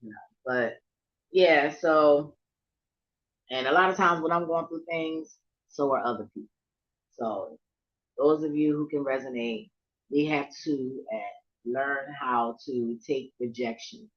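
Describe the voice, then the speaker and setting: A woman vlogger telling a story in a casual, heated rant, swearing heavily and swinging between shouting and muttering. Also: extremely low pitch, a little slow, highs cut off. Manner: heavily profane, heated and emphatic.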